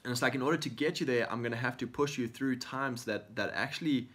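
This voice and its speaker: A man co-hosting a Christian talk show in an earnest, encouraging voice. He sits at a middle pitch and talks things through, often acting out prayers and questions to God as quotes. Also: quick pace, a bit bright. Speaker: co-host of a faith talk show.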